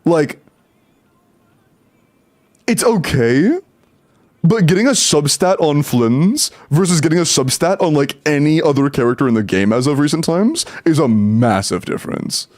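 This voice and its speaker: A man's voice: on the high side, lively intonation, unhurried, darkish tone, no room sound. A man streaming live, casually talking through game account advice and answering chat, loose and rambling with some swearing.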